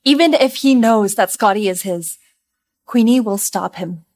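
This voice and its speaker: An actress voicing a proud young wife and mother in a dubbed drama, defiant and sharp. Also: medium pitch, unhurried, no room sound, lightly acted. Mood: bitter. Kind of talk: dubbed short-drama acting.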